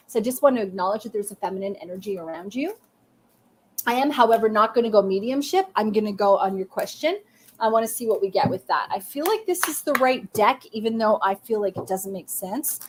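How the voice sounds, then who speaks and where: A woman's voice: medium pitch, husky. A woman medium doing live readings, speaking in a soothing, affirming way in short phrases and often saying okay. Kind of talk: live-stream reading, chatting to viewers.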